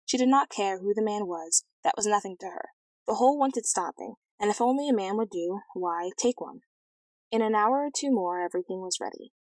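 A woman narrating a fairy tale as an audiobook reading, in a clear, even storytelling manner. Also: mid-range voice, brisk, no room sound, rough recording.

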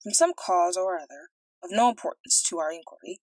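Woman doing a slow, pompous old philosopher. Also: lowish voice, animated, a little mellow, no room sound, low-quality recording. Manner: weighty, ponderous pronouncements.

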